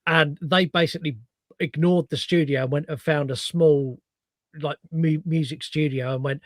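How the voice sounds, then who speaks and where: A man co-hosting a podcast, chatting casually about a film, animated and swearing freely. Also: on the high side, a little fast, no echo. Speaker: podcast co-host. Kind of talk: casual film review chat.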